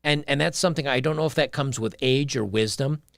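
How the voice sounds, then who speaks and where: A man's voice: medium pitch, fairly quick, gravelly, dry recording, clean studio sound. A man giving opinionated, ranting commentary on a livestream and reading chat messages aloud. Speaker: streamer reacting to clips.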